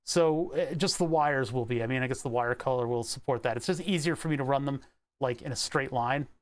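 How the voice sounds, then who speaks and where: A man's voice: medium pitch, fairly quick. A young man from the Delaware County area of Pennsylvania, talking casually to himself as he works on an electronics build, rambling and playful with words. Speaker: electronics hobbyist vlogger. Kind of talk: casual talk while working.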